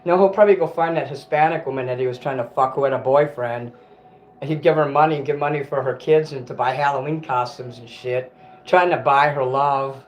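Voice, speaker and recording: A man's voice: medium pitch, brisk, a little hiss or hum. A man on a casual livestream, ranting bitterly and cursing, often stopping to correct himself. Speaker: livestream host.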